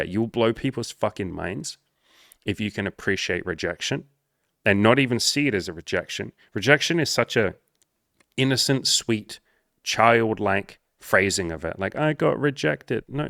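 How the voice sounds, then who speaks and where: A man with a low, gravelly voice talks in a casual monologue as a dating coach. He is blunt and swears often, and his voice jumps higher when he acts out the people he quotes. The sound is close and dry. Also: moderate pace, bright, forceful tone, no room sound. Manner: profane, blunt and emphatic.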